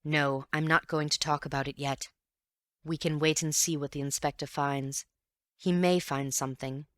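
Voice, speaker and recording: A woman voicing a calm, thoughtful gentleman detective who speaks in a grave, measured, earnest way. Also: deep voice, no room sound, studio quality.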